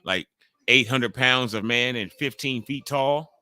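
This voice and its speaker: A man's voice: medium pitch, measured pace, bright, forceful tone, clear, resonant tone, dry recording. A young man hosting a live watch-along stream, joking loosely and talking to chat viewers by name. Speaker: livestream host.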